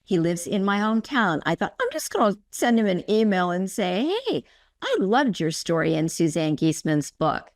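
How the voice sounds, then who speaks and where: A woman's voice: fairly low pitch, big pitch swings, normal speed. A woman hosting a podcast interview, talking in an effusive, storytelling way and acting out her own past remarks. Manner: effusive, tells stories with quoted inner speech. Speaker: podcast host. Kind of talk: casual conversational interview.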